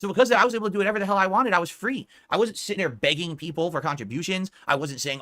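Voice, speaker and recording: 40s guy streamer ranting fast, bitter and sweary, bright tense voice, dry sound. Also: high voice, animated, dry recording. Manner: bitter, swearing, berating his viewers. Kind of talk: angry live-stream rant.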